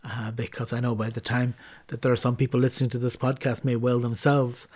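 A man's voice: medium pitch, flat delivery, fairly quick, darkish tone. A man hosting a podcast who reads a church teaching text aloud with a few slips and corrections, then explains it casually with many ums and restarts. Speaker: podcast host reading and explaining Catholic teaching. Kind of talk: reading a text aloud, then unscripted commentary.

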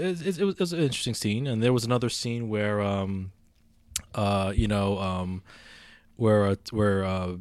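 A man's voice: on the low side, dry recording. Rambling man chatting about movies, dry sound. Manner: rambling, many restarts and fillers. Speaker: movie reviewer. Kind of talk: casual podcast chat.

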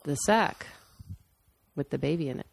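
A woman's voice: low-pitched, expressive, normal speed, creaky. A woman telling a personal story candidly and matter-of-factly in casual conversation. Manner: candid, matter-of-fact, with restarts.

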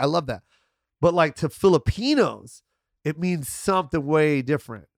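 A man spins lively stories as a podcast guest, swearing freely. His voice sits a bit high. The recording is dry and close. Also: fast talker, creaky, dry recording. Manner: animated storyteller, swearing freely. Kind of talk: casual podcast chat.

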